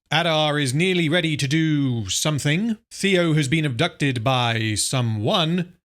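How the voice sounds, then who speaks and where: A man's voice: on the high side, a bit bright. A man reading a scripted, sardonic review, scathing and openly profane in his criticism. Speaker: film reviewer.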